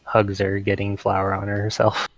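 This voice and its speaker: A man taking part as a player in a tabletop role-playing game, talking slowly and hesitantly. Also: on the low side, completely flat delivery, vocal fry, slight background noise, rough recording.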